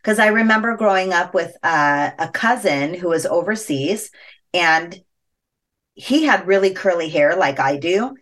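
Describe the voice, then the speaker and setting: A woman telling a personal story as a podcast guest, animated and chatty, laughing often and using many fillers. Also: on the low side, unhurried. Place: podcast interview.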